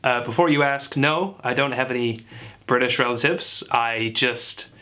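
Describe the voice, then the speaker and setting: A man's voice: mid-range voice, unhurried, bright, forceful tone, clear, resonant tone. A man playing a self-assured but clueless dialect coach, who lectures earnestly like an expert in a parody tutorial.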